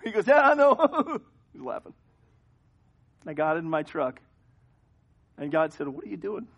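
A man preaching a sermon as pastor, telling a story with animated swings from hushed to loud. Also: high-pitched, measured pace, lo-fi sound. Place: church sanctuary.

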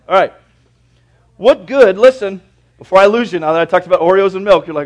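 A male pastor preaching a sermon in a church, folksy and conversational, swinging between quiet reflection and loud, lively bursts. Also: high-pitched, fast. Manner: folksy, conversational preaching with everyday examples and asides.

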